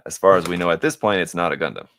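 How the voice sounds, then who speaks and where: A man's voice: low voice, rapid-fire, fairly bright tone, slight background noise. A man hosting a live stream while he builds a model kit, chatting casually and answering viewers. He rambles with many fillers and restarts, and now and then mutters to himself as he works.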